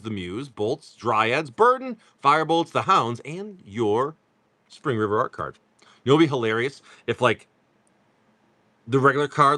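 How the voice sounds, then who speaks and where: A man's voice: mid-range voice, pushed and bright, no room sound. A man chatting casually on a live stream, joking with viewers while he reads off cards. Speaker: card-break livestream seller.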